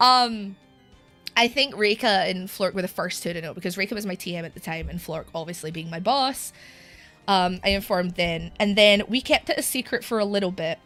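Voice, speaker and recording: A woman's voice: medium pitch, a little fast, a bit bright, soft background music. A young British woman streaming live, with a sore throat, talking candidly and emotionally, near tears and laughing between sentences. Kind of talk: casual live-stream chat.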